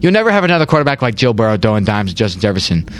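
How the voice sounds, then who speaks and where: A man's voice: fairly low pitch, very animated, rapid-fire. A young man hosting a casual sports chat, rambling, repeating words and saying "like" a lot. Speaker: podcast host.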